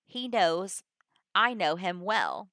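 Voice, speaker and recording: A woman's voice: fairly low pitch, very animated, slow pace, pushed and bright, no room sound, studio quality, heavily acted. A woman reading the lines of a stern male officer making an arrest, in a plain voice with little acting.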